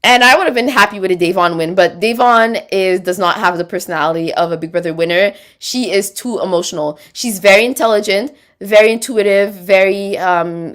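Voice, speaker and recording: Chatty woman rambling through viewer comments. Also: mid-range voice. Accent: Quebec French. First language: French. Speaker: livestream host reading chat. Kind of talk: casual livestream chat.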